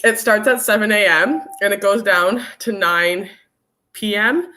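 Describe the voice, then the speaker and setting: A woman's voice: mid-range voice, measured pace, bright, forceful tone, slight background noise. A young woman hosting an informal online workshop, chatting casually and greeting viewers by name as she reads their comments. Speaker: workshop host. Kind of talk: casual livestream chat.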